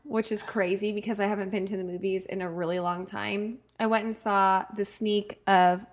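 Animated young woman telling a story. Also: medium pitch, normal speed. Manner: animated storyteller who acts out voices in her anecdotes. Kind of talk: casual chat.

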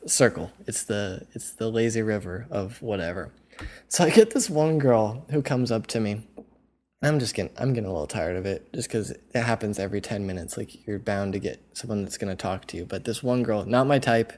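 A man's voice: on the low side, a little mellow. A young man hosting a podcast, telling a casual, rambling story full of "like" and "you know.". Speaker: podcast host.

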